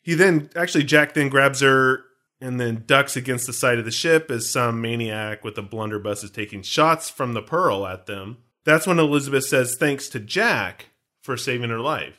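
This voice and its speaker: A man co-hosting a podcast speaks at a moderate pace in a medium-pitched voice that sounds pushed and bright. He keeps things casual and jokey, rambling between points and dropping pop-culture references.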